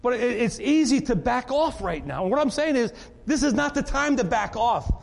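A male pastor delivers an animated, conversational sermon and often stumbles over repeated words. His voice sits high for a man. It rings out in a church hall with a long reverb. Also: normal speed, creaky.

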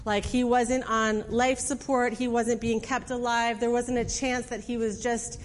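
Woman preacher, high and chatty, telling a story in a casual sermon style; reverberant church hall. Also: flat delivery, unhurried, slight background noise. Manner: conversational, fillers and acted quotes.

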